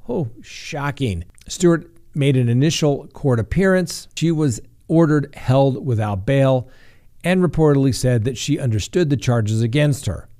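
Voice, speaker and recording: A man's voice: medium pitch, dark tone. A middle-aged man hosting a true crime news show, reading stories with wry, sarcastic asides. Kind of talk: scripted crime news commentary.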